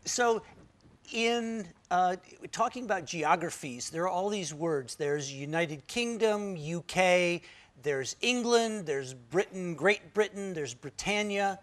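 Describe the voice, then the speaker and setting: A man's voice: high-pitched, expressive, slow, a bit bright. A man hosting an interview, asking friendly, curious questions. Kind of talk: interview conversation.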